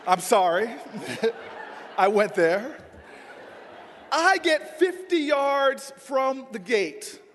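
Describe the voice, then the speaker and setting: A man with a very high voice tells a comic story at a political dinner, animated and often shouting. His voice rings through a big hall with long reverb. Faint noise sits underneath. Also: drawn-out words, pauses often, a faint crowd. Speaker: politician giving a dinner speech. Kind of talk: humorous storytelling speech.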